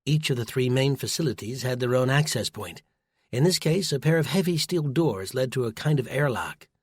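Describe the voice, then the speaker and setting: A man narrating an audiobook in a steady, even storytelling manner, recorded dry and close. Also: medium pitch, moderate pace, breathy edge, no echo. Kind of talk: scripted narration.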